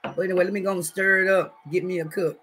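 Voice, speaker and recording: A woman's voice: fairly low pitch, flat delivery, fast talker, a bit bright, a little hiss or hum. A middle-aged woman, chatting casually on a live stream from her home kitchen as she cooks, rambling and joking with salty language. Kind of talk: casual live-stream chat while cooking.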